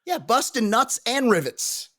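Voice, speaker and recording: Man, podcast co-host, casual chat, profane, excitable, lively swooping voice. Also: very high-pitched, measured pace.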